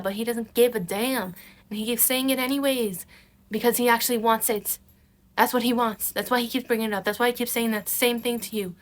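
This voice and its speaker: A young woman talking casually in a dating advice vlog, emphatic and repetitive, calling the viewer honey. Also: on the high side. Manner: emphatic, repeats herself, calls the viewer honey. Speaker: vlogger giving dating advice.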